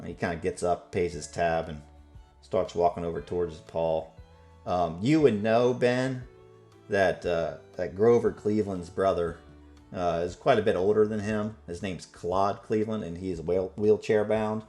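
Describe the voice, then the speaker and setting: A man narrating a tabletop game as game master, relaxed and full of fillers. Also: deep voice, a little slow, faint music behind.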